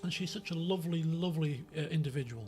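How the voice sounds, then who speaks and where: A man's voice: a little high, quick pace, warm tone, faint music behind. A man with a Yorkshire accent, chatting casually on his stream, rambling with many fillers and restarts. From Yorkshire, England. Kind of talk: casual chat.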